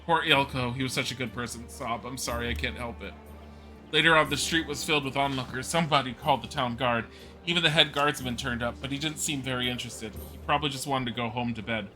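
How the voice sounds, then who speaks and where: A man's voice: mid-range voice, quick pace, over music, lightly acted. Man reading as a shaken townswoman witness. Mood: distressed. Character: upset middle-aged townswoman witness. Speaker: streamer.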